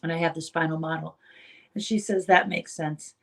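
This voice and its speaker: A woman's voice: deep voice, steady tone, moderate pace, gravelly. A woman chiropractor giving an earnest motivational talk to fellow chiropractors. She tells stories and repeats key phrases for emphasis.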